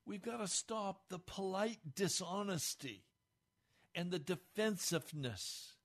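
Male pastor, blunt earnest sermon delivery, slightly higher-pitched voice. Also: expressive, slow pace.

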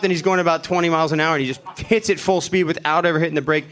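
A middle-aged man, a panel guest at a live Q&A, retelling a story with animated, chuckling delivery. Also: fairly high pitch, racing, a little hiss or hum.

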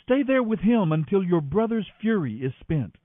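A man's voice: sits high, sing-song, normal speed, no echo, pitched above the performer's own voice. A man voicing a worried, protective mother giving urgent, firm instructions. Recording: tinny phone-like line, faint music.

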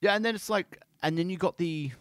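A man hosting a podcast, speaking in an impassioned, halting way with many restarts. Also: high voice, smooth, dry recording, clean studio sound. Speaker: podcast host. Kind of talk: casual monologue.

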